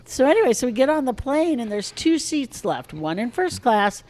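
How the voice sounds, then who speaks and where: A woman in her sixties telling animated stories on a podcast, casually swearing and acting out a child's shrieks. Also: sits high, moderate pace. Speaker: guest storyteller.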